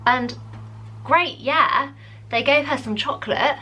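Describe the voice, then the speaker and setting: A young woman chats to camera in a storytime vlog, her voice a touch high and very bright. She sounds exasperated, peppering every sentence with "like". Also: takes it slowly, husky. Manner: chatty, exasperated, heavy use of "like". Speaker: vlogger.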